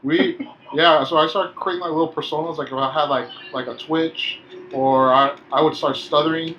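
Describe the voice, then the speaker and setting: A man with a slightly high voice tells stories from work in relaxed, profane chat. He acts out the lines of the people in them. The recording sounds dull and a little lo-fi. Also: normal speed. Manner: loose, profane storytelling with acted-out quotes. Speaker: podcast co-host. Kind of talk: casual chat. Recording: dull lo-fi sound with faint background hiss.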